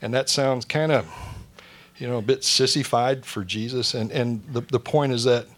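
A man preaching a sermon in church, mixing quick jokes with plain teaching and dropping to a soft, hushed voice when he prays. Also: medium pitch, steady tone. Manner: joking asides, drops to a soft hush for prayer. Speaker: pastor.

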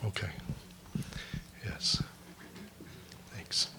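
A man preaching a sermon in church, mixing quick jokes with plain teaching and dropping to a soft, hushed voice when he prays. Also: noisy background. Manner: joking asides, drops to a soft hush for prayer. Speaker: pastor.

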